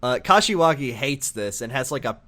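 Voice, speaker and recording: A man's voice: mid-range voice, animated, fairly quick, sharp tone. A man co-hosting a casual podcast, recapping a game and acting out characters' lines in silly voices. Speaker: podcast co-host.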